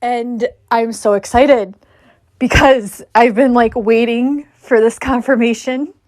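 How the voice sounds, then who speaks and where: A woman's voice: on the high side, steady tone, slow pace, a little mellow, dry recording. A woman chatting casually and emotionally, tearful and laughing as she gives thanks. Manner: tearful, gushing, laughing often. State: crying. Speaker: spiritual content creator.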